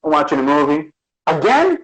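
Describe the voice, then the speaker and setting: On a rough recording, a Bronx-born guest artist speaks at normal speed with a medium-pitched voice. Relaxed and animated in the interview, he performs the stories he tells, voicing what people said.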